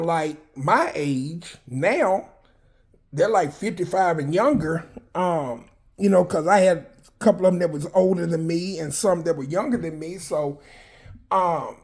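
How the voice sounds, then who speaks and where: A man in his fifties tells his own prison stories in a candid, unfiltered way, with swearing and a rambling flow. His voice sits a bit higher than most men's. He circles back often, padding his talk with "um" and restarting sentences. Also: darkish tone. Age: 50s. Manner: blunt, profane, rambling with frequent fillers and restarts. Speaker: vlogger telling personal prison stories. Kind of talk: candid personal storytelling.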